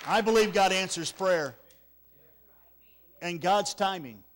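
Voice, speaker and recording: A man preaching at a church revival, telling a story with emotion, often repeating words and dropping very quiet at the sad parts. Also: sits high, takes it slowly, a little hiss or hum. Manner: emotional, repeats words, drops to near-whisper at sad moments. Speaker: evangelist. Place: church sanctuary.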